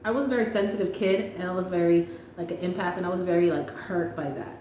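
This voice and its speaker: A woman's voice: lowish voice, fast talker, warm tone. A young woman chatting casually with a friend, laughing often and acting out quotes with animation. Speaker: podcast host. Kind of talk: casual chat. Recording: echoey room with faint background noise.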